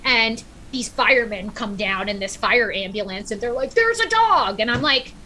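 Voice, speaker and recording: Bright-voiced woman telling a story. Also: medium pitch, moderate pace, slight background noise, low-quality recording. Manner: animated storyteller, acts out quotes. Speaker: podcast guest. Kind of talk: casual storytelling.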